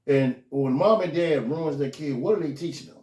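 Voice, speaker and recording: A man's voice: on the high side, moderate pace, distant mic. A man talking casually and telling stories, acting out the voices of the people in them. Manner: animated storyteller acting out quoted voices. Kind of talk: casual storytelling chat. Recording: echoey room, voice off-mic.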